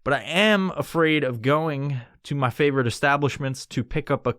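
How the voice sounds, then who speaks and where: Profane rambling podcast host, dry sound. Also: male voice, on the high side, normal speed, fairly bright tone, dry recording. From New York. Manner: profane, rambling, exaggerated put-on tough-guy tone. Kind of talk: solo podcast monologue. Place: podcast studio.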